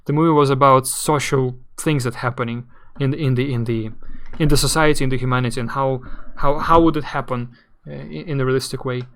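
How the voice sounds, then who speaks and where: Halting, word-searching man streamer. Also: medium pitch, fairly even intonation, fairly bright tone. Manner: rambling, halting, searching for words. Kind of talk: casual live game commentary.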